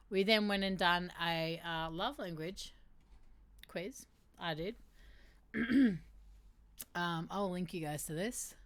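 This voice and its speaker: A young woman hosting a casual livestream, reading aloud and chatting, animated, laughing and swearing now and then. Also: medium pitch, no echo. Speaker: streamer hosting a mental health segment.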